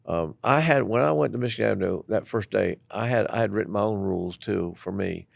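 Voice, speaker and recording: An older man speaks in a low, rough, gravelly voice, recorded close and dry. He tells his stories with energy and acts out the people in them. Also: brisk, no room sound. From southeastern Tennessee. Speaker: guest, former elementary school principal. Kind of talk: storytelling interview.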